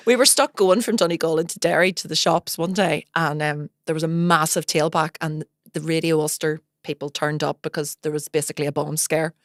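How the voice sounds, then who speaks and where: A woman's voice: deep voice, fairly even intonation, brisk, few pauses, no echo, clean studio sound. A woman with a Northern Irish accent hosting a podcast, laughing often and telling stories chattily. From Northern Ireland. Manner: giggly, chatty storyteller. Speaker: podcast host. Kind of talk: casual chat.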